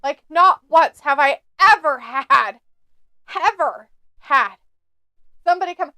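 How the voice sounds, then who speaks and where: Giggly high-voiced woman reading chat. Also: expressive, slow pace, bright, forceful tone, dry recording. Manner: laughs often, reads viewer chat aloud. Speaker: live stream co-host. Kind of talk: casual watch-along chat.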